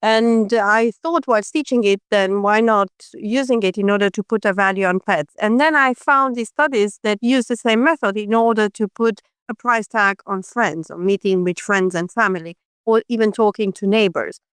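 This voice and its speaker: A woman economist on a talk show, explaining her research in a measured way. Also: medium pitch, clean tone, no echo, studio quality. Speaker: economist guest.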